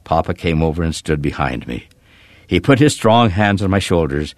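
A man narrating a short story in an expressive reading. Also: sits low, moderate pace, dry recording, studio quality.

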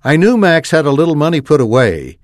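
Expressive male story reader. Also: fairly high pitch, fairly quick, dry recording, studio quality. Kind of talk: first-person story reading.

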